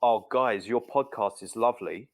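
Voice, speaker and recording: Speaking at a moderate pace in a fairly low voice, this podcast guest from Britain keeps things casual and jokey. He's animated and slips into mock accents.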